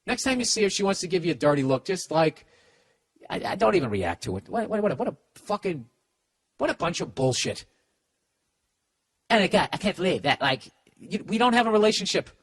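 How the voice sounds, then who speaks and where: A man's voice: high-pitched, very animated, a little fast, long pauses, husky. A man hosting a podcast, giving blunt comedic advice in a profane rant full of stammered restarts. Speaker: podcast host.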